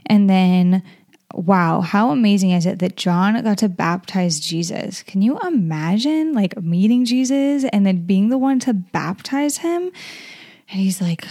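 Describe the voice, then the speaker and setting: Brief: woman podcast host, relaxed Bible study read-through, mellow tone with vocal fry, casual explaining. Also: medium pitch, slow. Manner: reads verses then explains them in chatty plain words. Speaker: podcast host reading scripture.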